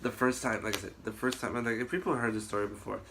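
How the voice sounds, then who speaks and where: Rambling, animated man telling stories. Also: on the low side, fast talker, noisy background. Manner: rambling, animated storytelling with frequent swearing. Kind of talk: casual chat.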